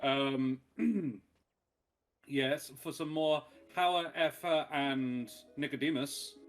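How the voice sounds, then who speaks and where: A man's voice: a little high, slow pace, faint music behind. A man, a tabletop game player, chatting casually before a session, rambling and joking and laughing often. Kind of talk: casual pre-game chat.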